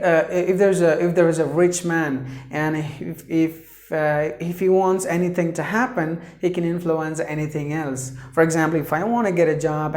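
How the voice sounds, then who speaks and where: A male English teacher gives a pronunciation lesson at an unhurried pace, sounding each word out syllable by syllable and repeating it for emphasis. His tone is mellow and dark, and the voice rings in a roomy, echoey space. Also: fairly high pitch. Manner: slow, deliberate, breaks words into syllables; repeats words for emphasis, many fillers.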